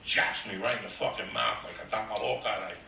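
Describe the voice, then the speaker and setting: A man telling a profane comic story on stage in a brash, loud way, laughing as he goes. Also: lowish voice, quick pace, gravelly, slight background noise. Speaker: stand-up comedian. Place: comedy stage before an audience. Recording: echoey live room, mic at a distance, audience laughter.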